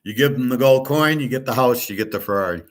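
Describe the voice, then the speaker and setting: A fast-talking older man with a medium-pitched voice hosts a livestream and rants at a viewer directly. He is blunt and profane, repeating his points with emphasis.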